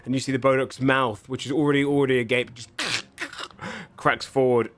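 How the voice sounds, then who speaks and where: A man's voice: mid-range voice, flat delivery, quick pace, fairly bright tone. A man running a tabletop game as game master, narrating scenes in a loose, descriptive way full of "kind of" and "like".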